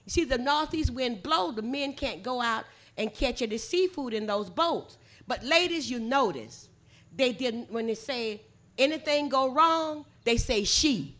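An older woman from the Gullah coast with a Lowcountry Gullah accent, teaching her language to an audience and drawing out words for emphasis. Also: expressive, normal speed, fairly bright tone. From Gullah coast of the southeastern US. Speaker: language and culture presenter.

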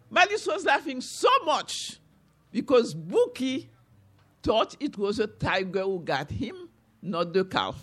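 A woman tells a folktale aloud to listeners. Her voice sits high and swings widely as she repeats phrases like a chant. She takes her time, pacing each line slowly. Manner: animated, repetitive, chanting phrases. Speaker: storyteller, author. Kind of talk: oral folktale telling to an audience.

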